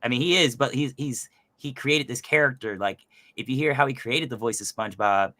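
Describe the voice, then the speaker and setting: A man's voice: mid-range voice, brisk, no echo. A man who is a voice actor, chatting casually and animatedly about his craft, with lots of fillers. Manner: animated, explains with many fillers. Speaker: voice actor guest. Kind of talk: casual podcast chat.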